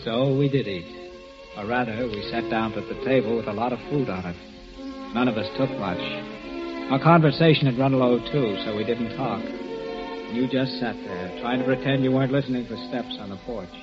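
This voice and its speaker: A man narrates in the first person, in the earnest, subdued way of 1940s radio drama. His voice is mid-pitched. The recording is muffled and lo-fi, with music playing under him. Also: moderate pace.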